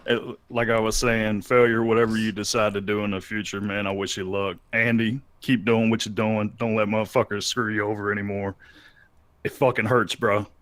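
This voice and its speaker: A man's voice: fairly low pitch, flat delivery, fairly quick, fairly bright tone, no echo. A man calling into a livestream, bluntly admitting a mistake and swearing. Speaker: caller. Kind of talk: call-in on a livestream.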